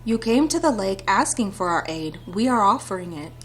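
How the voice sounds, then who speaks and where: A woman reading aloud as a mysterious lake fairy spirit, slow, hushed and measured. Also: mid-range voice, big pitch swings, slight background noise. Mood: coaxing. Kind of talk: reading visual novel dialogue aloud.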